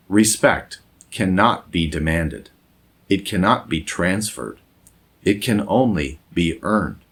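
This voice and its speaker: Slow, deep-voiced man narrating. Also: breathy edge. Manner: measured, moralizing, deliberate. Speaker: essayist and former English teacher. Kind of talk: scripted narration.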